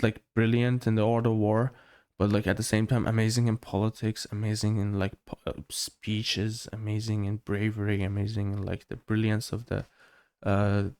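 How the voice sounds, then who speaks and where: Pria santai yang bercerita panjang lebar. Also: male voice, darkish tone, clean tone. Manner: rambling, quotes movie lines in a low voice. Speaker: podcast co-host. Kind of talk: casual chat.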